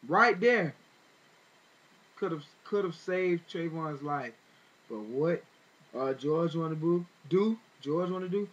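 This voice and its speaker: A man's voice: fairly high pitch, slow pace, darkish tone, muffled recording. A man retelling events in casual spoken commentary, rambling with fillers and restarts and growing indignant as he talks. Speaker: vlogger.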